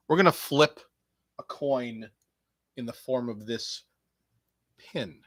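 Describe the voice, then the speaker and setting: Male podcast host, mid-pitched, sarcastic rambler, close dry mic, jumps from mumbling to yelling. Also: extremely slow, pauses often, dry recording. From Canada. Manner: rambling, sarcastic, swings from mutters to loud outbursts. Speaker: podcast host previewing wrestling shows. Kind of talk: casual solo chat.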